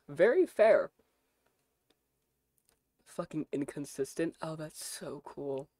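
A young American woman streams live, talking to her viewers in an unhurried, unrushed drawl. Her voice sits a little low. The desk mic sounds close and dry, with no room around it. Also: no echo. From United States. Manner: swears freely, reacts out loud while browsing. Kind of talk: casual stream chat.

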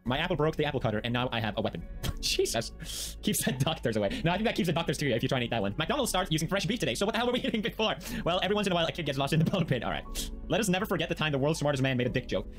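A video host gives animated, jokey reaction commentary on online posts at home, laughing often and talking to his pets. His voice is a little high and he races along over soft background music.

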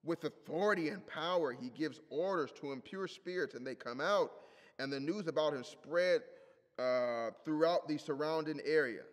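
High-voiced man preaching in a reverberant hall. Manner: emphatic preaching with repeated phrases. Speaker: pastor. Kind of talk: sermon.

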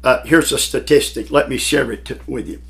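A man preaching a sermon to a Bible class, emphatic, with dramatic pauses and swells in volume. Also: mid-range voice, creaky, a bit bright. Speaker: pastor teaching a Bible class.

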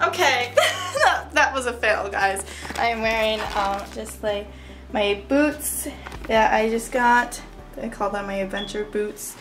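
Young woman, bubbly rambling vlog chat, slightly high voice, a bit out of breath, soft music behind. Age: young adult. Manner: bubbly and rambling, lots of fillers and laughs. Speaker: vlogger. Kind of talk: chatty vlog. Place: her bedroom at home.

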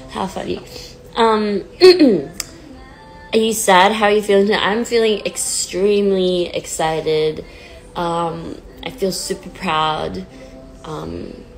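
A woman in her twenties with a fairly low voice chats casually on a phone livestream as a pop singer, and the audio is poor. She sounds nervous and close to tears, hesitant and self-deprecating, using many fillers while a sad song plays faintly.

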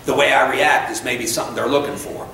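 In a church sanctuary, a male pastor delivers a sermon in a mid-range, steady voice, speaking quickly with a sharp edge. He's emphatic and repetitive, slipping into casual asides and personal stories. The echoey audio is captured from a distance with slight background noise.

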